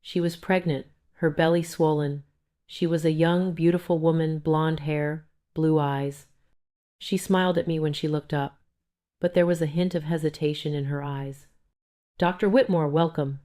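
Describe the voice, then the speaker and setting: An older woman narrating a first-person story in a slow, emotional, confessional manner. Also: sits low, fairly even intonation, dark tone.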